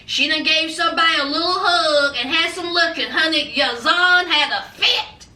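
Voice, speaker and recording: A woman's voice: extremely high pitch, normal speed, sharp tone. A woman recapping a reality TV episode in a sassy, gossipy, playful way. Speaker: TV reality show reviewer. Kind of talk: casual recap chat to camera. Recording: echoey room, distant from mic.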